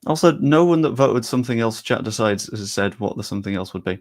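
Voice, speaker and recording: A man's voice: mid-range voice, lively intonation, quick pace. A young man chatting casually and loosely on a live stream, talking straight to his chat with the odd swear.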